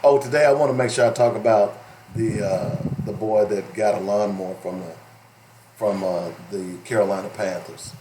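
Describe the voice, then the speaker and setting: A man's voice: lowish voice, steady tone, normal speed, background noise. A man hosting a talk radio show, joking around and laughing often between stories. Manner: joking, laughs often, playful put-on drawl. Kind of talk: casual talk radio banter.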